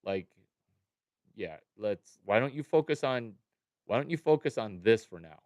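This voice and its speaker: A middle-aged man hosting a livestream and talking to his chat, jumping from low mumbles to loud excited outbursts. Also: unhurried, no echo, clean studio sound. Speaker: livestream host. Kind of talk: animated livestream talk to chat.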